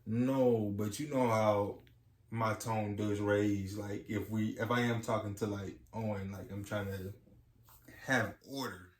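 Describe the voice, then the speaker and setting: A young adult man co-hosts a podcast, chatting casually about marriage in a rambling way packed with "you know"s. His voice is lowish and steady, a little slow. The recording sounds echoey, with faint ambience in the room.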